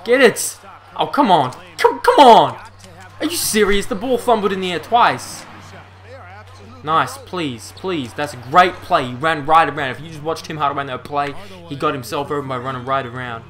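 Playing a basketball video game, a young gamer narrates at a moderate pace, swearing in frustration. His commentary lurches between shouted outbursts and quiet grumbling.

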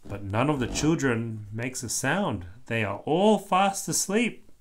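Slow, animated man reading a storybook. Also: lowish voice. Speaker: storybook reader. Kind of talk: reading a children's book aloud.

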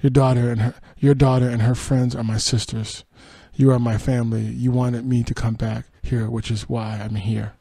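Gravelly, husky man reading celebrity news. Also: mid-range voice, little pitch movement, normal speed, hardly any pauses, mellow, no echo. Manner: reads quotes then adds dry sarcastic asides and laughs. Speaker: podcast host. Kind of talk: reading entertainment news with asides.

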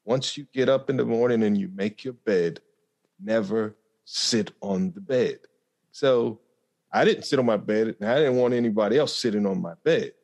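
A man speaking as a podcast guest, telling a personal story in an earnest, reflective way with frequent pauses and fillers. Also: lowish voice, creaky, darkish tone. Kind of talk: conversational storytelling.

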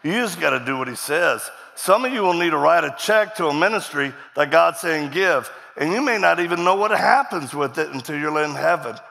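A man's voice: a little high, lively intonation, a little fast, creaky, hardly any pauses, bright, forceful tone. A middle-aged man preaching a storytelling sermon, acting out dialogue and laughing often as he talks. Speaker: guest preacher. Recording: reverberant hall.

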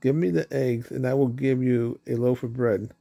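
Friendly male baker, read by a man, gravelly, mellow, storybook. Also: medium pitch, steady tone, moderate pace, dry recording. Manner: plain reading voice, barely changed.

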